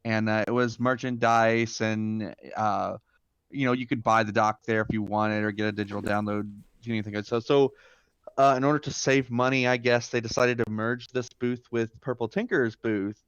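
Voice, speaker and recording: A man's voice: medium pitch, steady tone, moderate pace, a bit bright, smooth, no echo, muffled recording. Rambling man telling a story. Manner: rambling, lots of fillers and restarts. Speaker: guest. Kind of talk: casual storytelling.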